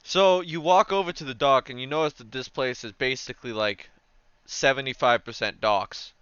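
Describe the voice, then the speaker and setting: A man's voice: medium pitch, normal speed, a bit bright, smooth, no room sound, dull audio. A man narrating a tabletop game as game master, casual and full of fillers.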